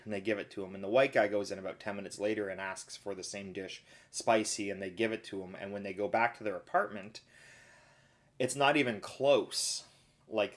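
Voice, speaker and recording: Middle-aged man, lowish voice, casual live-stream chef telling anecdotes. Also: fairly bright tone. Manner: rambling storyteller, acts out quoted voices.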